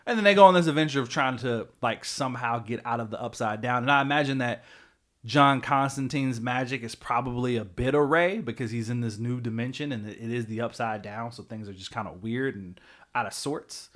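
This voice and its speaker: A man's voice: mid-range voice, a little fast, a bit bright. A man co-hosting a pop culture podcast in casual chat, rambling with lots of "like" fillers. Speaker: podcast co-host.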